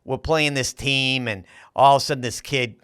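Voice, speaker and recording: Guy in his 60s, bright tense voice, brags and repeats himself telling stories. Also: mid-range voice, steady tone, moderate pace, smooth. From Massachusetts. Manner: boastful, emphatic storyteller with frequent restarts. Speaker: podcast guest. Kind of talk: casual storytelling chat.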